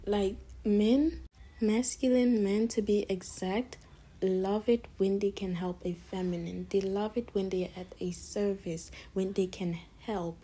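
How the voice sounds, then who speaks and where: A woman talking to camera in a casual advice vlog, coaxing and direct as she keeps addressing her viewers as ladies. Her voice is husky and mellow, sitting at an ordinary pitch, and she now and then drops to a breathy near-whisper. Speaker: lifestyle vlogger giving advice to women.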